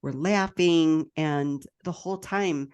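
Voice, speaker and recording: A woman's voice: low voice, slow, darkish tone, clear, resonant tone. A middle-aged woman hosting a podcast, talking reflectively in casual conversation with many fillers. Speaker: podcast host.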